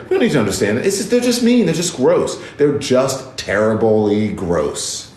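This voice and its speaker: A man's voice: medium pitch, very animated, fairly quick, hardly any pauses, darkish tone. A man giving casual, emphatic commentary as host of his own show, indignant and repeating words for stress. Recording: roomy echo.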